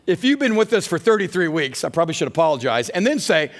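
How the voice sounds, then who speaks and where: A man's voice: a little high, big pitch swings, fast. A middle-aged male pastor preaching a sermon, telling the story with energy and acting out the people's complaints in exaggerated voices.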